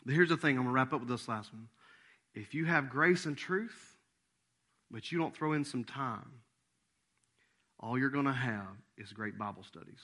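A man preaching a sermon as pastor, animated, dropping to soft asides and jumping to loud acted-out quotes. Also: medium pitch, normal speed, pauses often.

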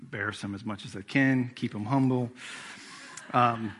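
A man's voice: mid-range voice, fairly even intonation, moderate pace, fairly bright tone. A middle-aged man preaching a sermon as executive pastor, telling family stories in a casual, conversational way. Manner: storytelling with acted-out quotes, conversational.

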